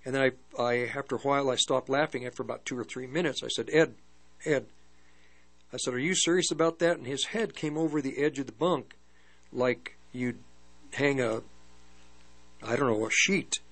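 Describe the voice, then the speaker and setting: An older man preaching and telling a personal testimony in a halting storytelling way, with many restarts. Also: medium pitch, a bit bright. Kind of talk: testimony sermon.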